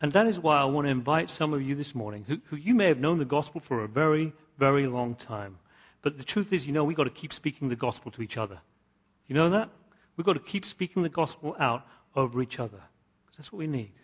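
Husky-voiced man preaching a sermon. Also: fairly high pitch, expressive, fairly quick, highs cut off. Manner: earnest, repetitive emphatic preaching with rising climaxes. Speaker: pastor.

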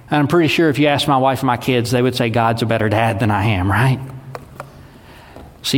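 A man, preaching a sermon in a conversational, folksy way. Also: mid-range voice. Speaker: pastor. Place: church sanctuary. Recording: long hall reverb.

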